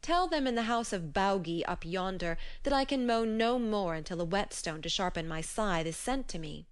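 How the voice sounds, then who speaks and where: A woman's voice: medium pitch, expressive, normal speed, smooth, natural voice. Woman voicing weary male thrall, demanding, plain, storybook reading.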